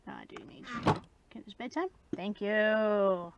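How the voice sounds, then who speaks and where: A woman's voice: medium pitch, a little slow, creaky. A woman casually commenting on her own gameplay, chatting to herself and the game and slipping into whispers. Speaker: gaming video host. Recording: loud background music.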